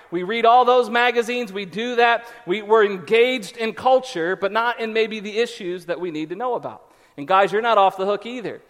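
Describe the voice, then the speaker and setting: A man preaching a conversational sermon as a pastor, acting out quick quotes as he goes. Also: sits high, a bit bright. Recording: reverberant hall.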